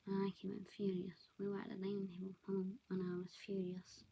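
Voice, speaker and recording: A woman's voice: medium pitch, monotone, brisk, creaky, mellow, a little hiss or hum, rough recording. A young woman telling personal family stories in a casual vlog, often dropping to a whisper and correcting herself as she goes. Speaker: vlogger.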